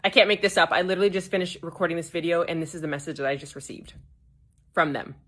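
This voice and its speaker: Bright-voiced young woman telling a story. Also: fairly low pitch, steady tone, fast. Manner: upset, emphatic retelling with quoted dialogue. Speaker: storyteller recounting a salon incident. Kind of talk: casual storytime video.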